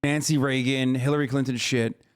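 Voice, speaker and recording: A man live-streaming, reacting to a clip in a fast, incredulous, ranting way. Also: medium pitch, fairly even intonation, smooth. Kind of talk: casual reaction commentary.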